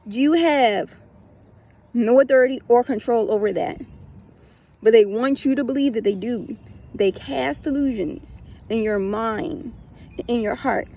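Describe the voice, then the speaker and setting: A spiritual content creator, a woman with a fairly high voice, gives a casual spiritual talk on lo-fi audio. She's blunt and emphatic, swears, hammers her points through repetition and keeps bursting into laughter.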